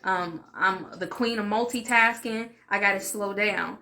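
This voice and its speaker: Bright-voiced woman telling a frank story. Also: mid-range voice, measured pace. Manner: animated, frank, peppered with "like" and swearing. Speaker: vlogger and healing channel host. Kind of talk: casual story-time monologue.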